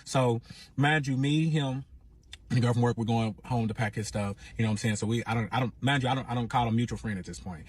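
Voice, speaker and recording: A man with telling a personal story in a casual, animated and profane way. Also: mid-range voice, fast, husky.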